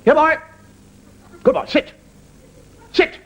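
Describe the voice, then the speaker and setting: A man voicing a fussy male dog owner who calls and coaxes his dog in a high, shrill voice. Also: slow. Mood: coaxing. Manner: high, shrill calling and coaxing. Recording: loud live audience laughter.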